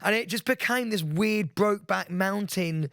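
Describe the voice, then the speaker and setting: Excitable rambling man, dry sound. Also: sits high, normal speed, clear, resonant tone, no room sound. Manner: excitable, rambling storyteller with many fillers. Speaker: podcast co-host. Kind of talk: casual chat. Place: podcast studio.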